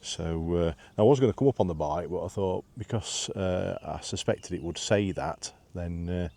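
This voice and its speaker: Out of breath from climbing, this man films himself walking a breezy hillside path and chats in a casual vlog, his deep, dark voice carrying vocal fry at a moderate pace. He rambles, drops plenty of "uh" fillers, and pokes fun at himself.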